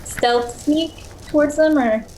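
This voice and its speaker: A woman's voice: sits high, slow, darkish tone. A young woman playing a tabletop game, eager and chatty, swearing casually. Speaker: player. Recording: echoey room, faint noise.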